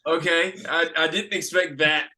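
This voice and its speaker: A man's voice: medium pitch, unhurried. A young man and actor hosting a casual video-call chat, telling audition stories and acting out what others said. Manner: animated, acts out quoted lines. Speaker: actor and host.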